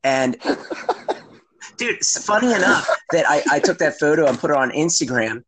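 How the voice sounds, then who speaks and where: A man's voice: on the high side, very animated, normal speed, heavy background noise. Rambling, profane middle-aged man. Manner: rambling and profane, heavy with "like" and "you know". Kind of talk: casual storytelling chat.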